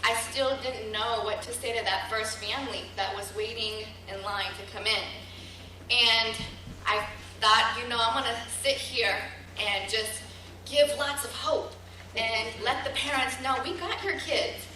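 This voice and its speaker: Female teacher speech, earnest and halting, distant mic, roomy hall. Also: on the high side, fairly even intonation, sharp tone, slight background noise. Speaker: teacher speaking at a gathering. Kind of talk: emotional speech to an audience. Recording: echoey hall recorded from far.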